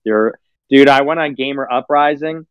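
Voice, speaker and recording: A man's voice: medium pitch, normal speed, clean tone, no room sound. A man in a casual stream chat, talking with profanity and sarcasm and mock-acting other people. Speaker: streamer guest.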